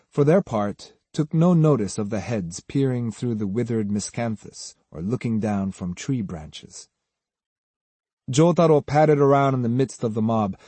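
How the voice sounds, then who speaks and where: A man's voice: medium pitch, dark tone, husky, no room sound. A man reading a novel aloud as an audiobook narrator, giving each character a voice. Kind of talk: scripted narration.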